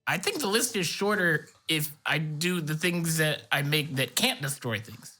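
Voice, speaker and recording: A man's voice: fairly high pitch, expressive, a little slow, sharp tone, heavily acted. A man voicing a tiny, cocky male kobold gunsmith with a New York accent in a tabletop game. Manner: cocky, brash.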